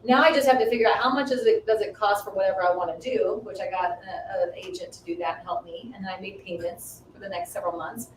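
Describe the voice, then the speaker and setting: A woman in her fifties sharing a personal story in casual chat, animated and acting out the dialogue she quotes. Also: fast talker, few pauses. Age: 50s. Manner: animated, acts out quoted dialogue with rising pitch. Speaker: guest. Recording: echoey room, mic at a distance, faint noise.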